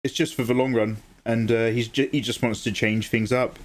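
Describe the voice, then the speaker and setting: A man chatting casually with viewers while he draws on a livestream, getting excited, swearing freely and thanking people by name. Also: mid-range voice, normal speed. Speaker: livestreaming artist.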